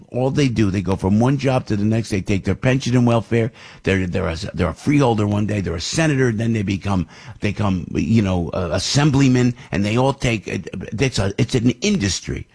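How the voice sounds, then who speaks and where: An older man, hosting a political talk show in a fired-up, ranting monologue full of loud rhetorical questions. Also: on the low side, moderate pace, gravelly, slightly rough. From New Jersey. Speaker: radio talk show host.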